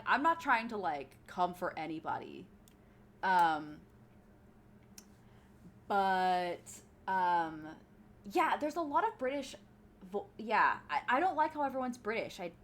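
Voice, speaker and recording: A woman's voice: mid-range voice, sing-song, a little slow, fairly bright tone. A woman streamer chatting casually with her viewers while she plays, rambling with many fillers as she answers chat. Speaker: streamer and actor.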